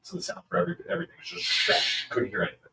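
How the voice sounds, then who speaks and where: Man telling animated stories in an echoey venue. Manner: animated storyteller, quick laughs. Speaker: band member. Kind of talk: casual interview chat. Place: venue after load-in. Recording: echoey room, distant mic, faint noise.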